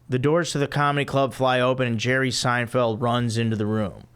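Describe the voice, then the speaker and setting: A man hosting a podcast, reading the stage directions of a comic script in a deadpan way. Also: mid-range voice, a little fast, hardly any pauses, clean tone. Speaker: podcast host.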